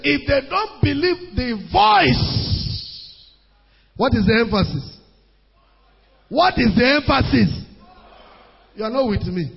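A man preaching a sermon, calling out to his congregation, rising into sing-song shouts. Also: extremely high pitch, slightly rough. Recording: muffled hall recording with long reverb.

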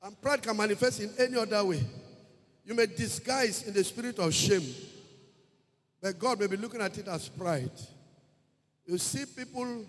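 A man preaching a sermon, emphatic and repetitive, breaking into shouted praise. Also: high voice, moderate pace, long pauses. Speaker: pastor. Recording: long hall reverb with faint music.

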